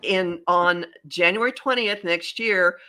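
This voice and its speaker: A woman hosting a podcast as a psychic astrologer, talking in a rambling, animated way with many restarts. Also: fairly low pitch, slow pace. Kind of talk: casual podcast chat.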